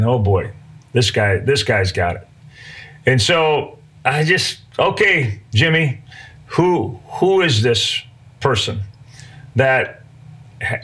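A man's voice: mid-range voice, a bit bright. A middle-aged man hosting a podcast, telling a personal story in a folksy, conversational way with many fillers. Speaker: podcast host.

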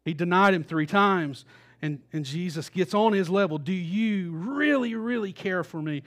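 A man's voice: high-pitched, expressive, normal speed, fairly bright tone. A male pastor preaching a sermon, acting out the quoted voices with rising intensity.

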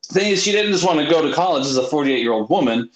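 A man hosting a talk show in a relaxed, casual way. He laughs often and hesitates while he talks. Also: a little high, very fast, roomy sound, poor audio. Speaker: radio host. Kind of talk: casual chat.

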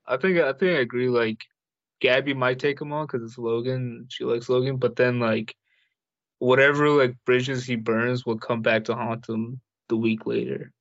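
A young man trades laid-back, slangy banter as a podcast co-host, slipping into little impressions of people. His voice sits at an ordinary pitch. The recording is dry and a bit dull and lo-fi. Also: fairly even intonation, normal speed, no room sound. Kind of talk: casual chat.

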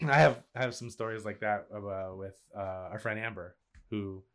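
Middle-aged podcast host, bright edgy voice, casual with some swearing, lots of yeah yeah. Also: male voice, fairly low pitch. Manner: relaxed, swears casually, quick agreeing interjections. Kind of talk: casual chat.

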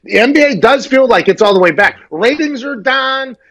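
A man hosting a casual sports talk show, excitable and rambling, joking as he goes, short on sleep. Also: sits high, quick pace.

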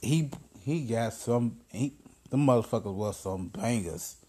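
Profane, excitable podcast host, man. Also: mid-range voice, a little slow, husky. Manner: profane, excitable storytelling with slang. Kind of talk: casual podcast monologue.

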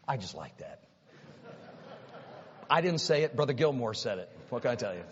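A man preaching a sermon, retelling a story dramatically and swinging from hushed asides to loud, rising exclamations. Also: medium pitch, big pitch swings, moderate pace, pauses often, breathy edge. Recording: dull sound with long reverb in a hall.

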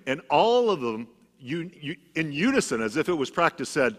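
A middle-aged male pastor preaching a sermon, telling stories and swinging from loud emphatic bursts to hushed, low passages. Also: big pitch swings, fairly quick. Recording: long church reverb.

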